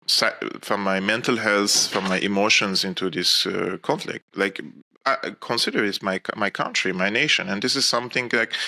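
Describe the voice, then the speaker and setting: Brief: man from Syria, guest, very bright forceful tone, rambles with energy. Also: lowish voice. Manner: animated, rambling, laughs at own points. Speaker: guest commentator. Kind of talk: casual interview talk.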